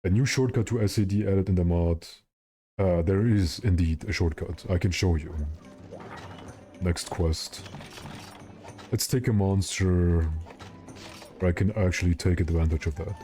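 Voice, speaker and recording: Deep-voiced rambling man streaming a game. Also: a little slow, pauses often, mellow. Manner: rambling, joking, answers chat. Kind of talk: casual stream chat with viewers.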